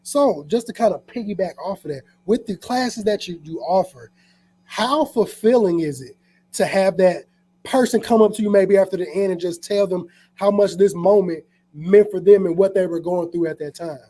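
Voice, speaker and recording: A man co-hosting a podcast, asking an interview question in a soft-spoken, affirming way. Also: high voice, normal speed. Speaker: podcast co-host.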